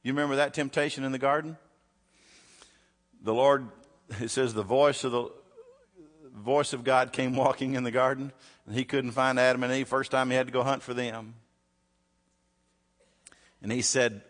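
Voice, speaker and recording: A man preaching a sermon. He swings from loud to hushed and asks rhetorical questions, with long hall reverb. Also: mid-range voice, fairly even intonation, normal speed, pauses often.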